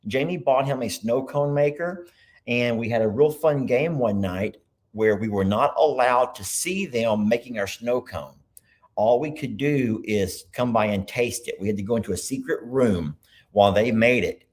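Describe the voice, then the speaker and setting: A man hosting a casual livestream from his computer, chatting loosely and thinking out loud as he goes. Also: mid-range voice, normal speed. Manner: rambling, chatty, thinks aloud. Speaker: livestream host. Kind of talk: casual live chat.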